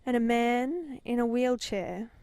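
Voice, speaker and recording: A woman's voice: a little high, slow, a little mellow, no room sound. A middle-aged woman hosting a podcast, telling a personal story with growing intensity that swells at its peaks. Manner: intense, dramatic retelling, voice swelling. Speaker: podcast host and business mentor.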